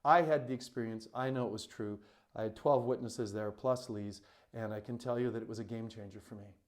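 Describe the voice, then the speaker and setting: Lowish and steady, this man's voice moves fairly quickly as he shares a personal story to camera. He works as a coach and retreat facilitator, and his telling is heartfelt and emphatic, full of "you know" fillers.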